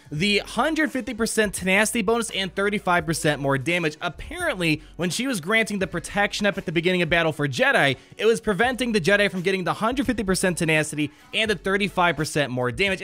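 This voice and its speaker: A man giving excited gameplay commentary on a mobile game, enthusiastic and exclamatory, rambling with frequent restarts. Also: high-pitched. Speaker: gaming YouTuber.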